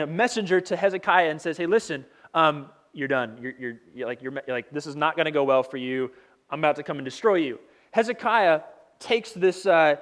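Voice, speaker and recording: A man's voice: on the high side, fairly bright tone. A young adult man preaching a casual sermon as pastor, retelling scripture in a conversational storytelling way. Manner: conversational storytelling with fillers and paraphrased dialogue.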